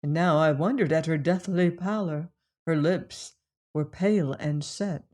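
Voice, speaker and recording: Slow, measured woman audiobook narrator. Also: sits low, darkish tone. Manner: measured, unhurried storytelling. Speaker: audiobook reader. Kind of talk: first-person novel narration.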